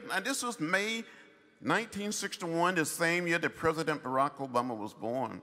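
Older man orating in a bright, echoing hall. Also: on the high side. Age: 70s. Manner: slow, emphatic oratory in short measured phrases. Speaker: commencement speaker. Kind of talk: commencement address. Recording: long hall reverb.

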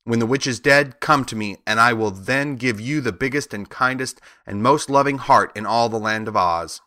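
A man's voice: mid-range voice, moderate pace, bright, forceful tone, close to an everyday voice. A man reading the lines of a mighty male wizard who speaks as a beast and as a ball of fire, in a stern, commanding way.

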